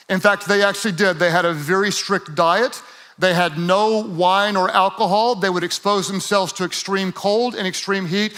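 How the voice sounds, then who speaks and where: A man preaching a sermon to a live audience. He is energetic and playful, acts out quoted voices, and builds up to shouts. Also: sits high, moderate pace. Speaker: pastor.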